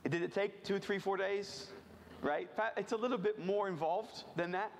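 A man from rural Virginia telling a personal story to a church audience, animated and self-deprecating, often asking the crowd questions. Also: high voice, normal speed, vocal fry, slight background noise. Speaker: missions speaker.

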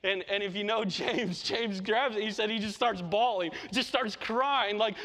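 A man with a high voice preaches a sermon in a church, his words trailing off into the long echo of the hall. He talks with passion and often repeats words to drive home his point. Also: moderate pace, few pauses, pushed and bright. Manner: impassioned, repeats words when stressing a point. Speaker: pastor. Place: church sanctuary.

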